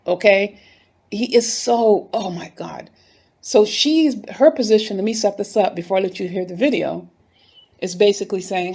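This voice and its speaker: In a casual commentary video, a woman from North Philadelphia addresses her viewers directly with heated indignation. She's a YouTube commentator whose mid-range voice is gravelly, warm, and slightly rough.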